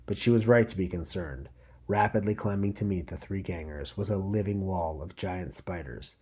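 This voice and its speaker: A man reads a gritty story aloud in a low, mellow voice. His narration is steady and measured, like a podcast host sharing fiction with listeners. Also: slightly rough.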